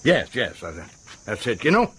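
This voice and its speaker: A man's voice: fairly low pitch, wildly swooping pitch, moderate pace, a bit bright, husky, exaggerated voice. An actor playing a boastful, chatty male prison governor, who stumbles over his words in a radio drama. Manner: boastful, stumbling, chuckling often.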